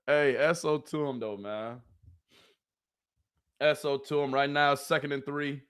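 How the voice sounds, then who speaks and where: A man hosting a live watch party. He gives excited fan commentary on a football game, laughs often, and keeps talking to his chat. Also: medium pitch, unhurried, clear, resonant tone.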